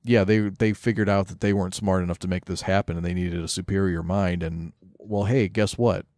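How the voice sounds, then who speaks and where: A man's voice: low-pitched, steady tone, fairly quick, darkish tone, no room sound, studio quality. A man co-hosting a podcast, talking casually about comics in a blunt, cynical, profane way. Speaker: podcast co-host. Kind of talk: casual comic-book review chat.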